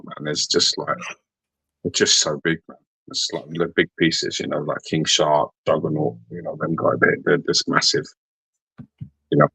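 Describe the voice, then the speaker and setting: A man's voice: rumbling low, gravelly, pushed and bright, breathy edge, no room sound, poor audio. A man co-hosting a podcast in casual chat, rambling and repeating words, with the odd swear. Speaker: podcast co-host.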